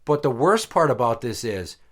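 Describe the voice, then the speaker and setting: A man's voice: medium pitch, moderate pace. A man co-hosting a podcast, telling a story in casual chat with lots of swearing. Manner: profane, animated storyteller. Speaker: podcast co-host.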